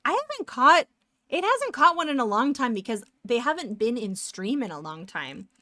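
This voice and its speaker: A woman's voice: a little high, big pitch swings, moderate pace, sharp tone, no room sound. A woman streaming live while she draws pixel art, chatting casually, rambling off on tangents and answering her chat.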